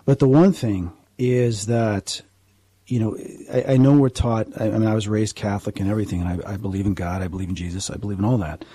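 A man's voice: lowish voice, steady tone, quick pace, dark tone, slightly rough, dry recording. A man who investigates the paranormal, a guest on a radio interview, explaining at length in an earnest, rambling way with frequent restarts.

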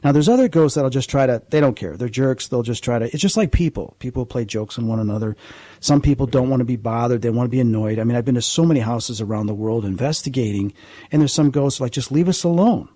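A man's voice: medium pitch, quick pace, warm tone, no echo. A man who investigates the paranormal, a guest on a radio interview, explaining at length in an earnest, rambling way with frequent restarts.

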